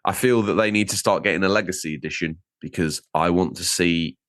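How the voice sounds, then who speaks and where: A man co-hosting a gaming podcast, bantering in a jokey, animated way and laughing at himself. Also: sits low, brisk, no room sound. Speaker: podcast co-host. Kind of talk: casual banter.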